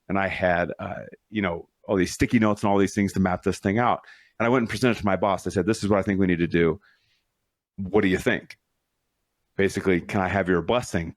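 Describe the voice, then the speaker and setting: A man's voice: lowish voice, dry recording, studio quality. A middle-aged man hosting a solo podcast as a leadership coach, telling stories in an earnest, motivational, conversational way.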